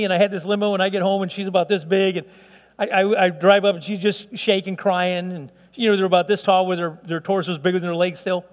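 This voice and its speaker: A middle-aged man preaches in a church, his voice pitched high for a man. He talks with passion, stumbling into quick repeats and swinging from hushed to loud. Long reverb from the church hall trails each phrase. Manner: impassioned, stammering repeats, swings between soft and loud. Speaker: pastor. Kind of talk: sermon. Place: church sanctuary.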